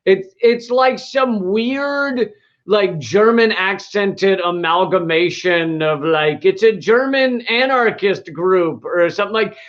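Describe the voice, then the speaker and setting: A man's voice: sits high, a bit bright. Rambling man on a lo-fi line. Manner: rambling, many fillers and restarts, laughs often. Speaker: podcast host. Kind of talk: casual comedic chat. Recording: dull lo-fi sound.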